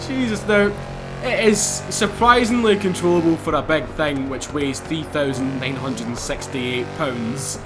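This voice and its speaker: Excitable male gamer, high voice, gameplay commentary with game music behind. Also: a little slow. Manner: excitable, laughing, exclamatory. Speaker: gaming YouTuber.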